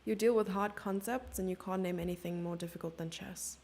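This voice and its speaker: A woman's voice: on the low side, steady tone, brisk, darkish tone. A woman from Germany giving casual, self-mocking live chess commentary, chatting with her viewers and thinking aloud over the moves.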